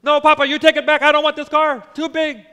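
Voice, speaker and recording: A man voicing a whiny, stubborn three-year-old boy who complains loudly. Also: high voice, lively intonation, moderate pace, creaky, in a large hall, exaggerated voice. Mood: whiny, upset. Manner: whining, complaining.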